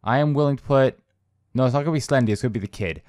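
A man's voice: medium pitch, rapid-fire, a little mellow, no echo, studio quality. A man hosting a let's play video, rambling and joking as he comments on a horror game. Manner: joking, rambling, mock voices for characters. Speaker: gaming channel host.

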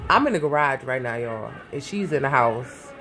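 Her voice is a rumbling low with a fairly bright tone, animated but at a normal speed, and faint music sits behind it. Chatting to camera from her garage on a close-held phone, she rambles, swears, gets distracted and calls everyone "baby" and "y'all."

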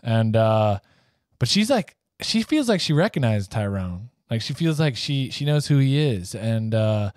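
A man in a medium-pitched voice rambles through a goofy made-up story, with filler words everywhere. The sound is close and dry, with no room echo. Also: very animated, unhurried, darkish tone. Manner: rambling, full of "you know" and "uh". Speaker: podcast co-host.

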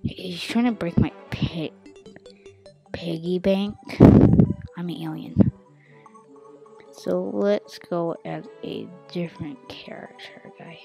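A woman casually commenting on her own gameplay, swinging from hushed mutters to loud excited outbursts. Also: lowish voice, slow pace, vocal fry, pauses often, soft background music. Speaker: gameplay narrator.

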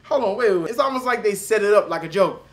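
A young man doing loud, mocking reaction commentary, cursing and breaking into shouting laughs. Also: sits high, animated, fast. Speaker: reaction video host.

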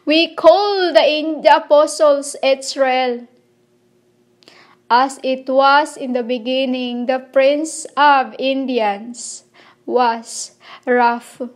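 A woman delivering a rambling spiritual monologue in halting, broken phrases, pleading with her listeners. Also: sits high, fairly even intonation. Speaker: self-proclaimed spiritual messenger.

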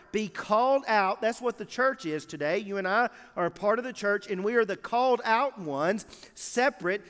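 High-voiced male preacher in a reverberant church. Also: a bit bright. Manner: emphatic preaching with measured pauses. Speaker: pastor. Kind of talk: sermon. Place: church sanctuary. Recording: long hall reverb of a church sanctuary.

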